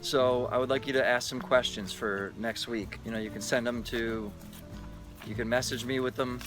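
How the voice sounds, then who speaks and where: A man's voice: mid-range voice, fairly even intonation, moderate pace. Man, casual vlog, profane, mock-exasperated, selfie-stick camera, music behind. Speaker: vlogger.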